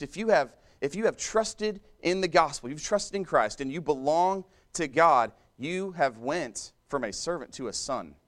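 A man delivering a church sermon in a relaxed, conversational manner. His voice sits slightly higher than most men's, and he often restarts phrases and breaks off to talk to the listeners. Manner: conversational preaching with frequent restarts and asides to the congregation. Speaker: preacher.

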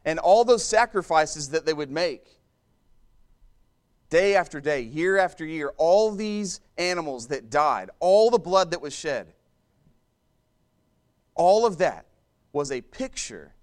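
A man's voice: a little high, lively intonation, a little slow, long pauses. A man preaching a sermon in a conversational way, repeating and restarting phrases and turning to the congregation with asides.

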